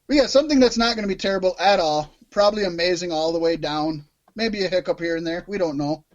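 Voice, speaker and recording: A man's voice: sits high, fast talker. A man co-hosting a casual wrestling podcast, rambling and joking with frequent laughter. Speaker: podcast co-host. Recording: dull lo-fi sound, dry.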